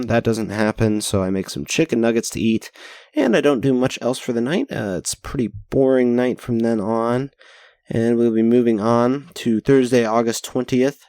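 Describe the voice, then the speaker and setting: On a casual spoken-journal podcast, a young male host with a lowish, darkish voice rambles, puts himself down and swears freely. Recorded through a headset mic with pop filter, the audio is studio quality and echo-free.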